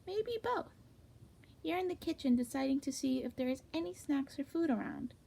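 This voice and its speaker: A woman reading comedic fanfic aloud in a hushed, half-whispered voice with sudden jumps in pitch. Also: vocal fry. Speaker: fanfic reader.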